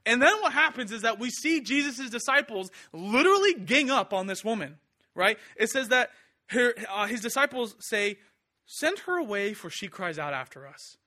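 A young man preaching a sermon, conversational and animated, acting out the quoted lines. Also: very high voice, moderate pace.

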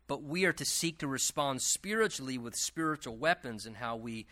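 A male pastor teaching verse by verse through a Bible passage in a conversational, animated way, with asides and quick self-corrections. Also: medium pitch.

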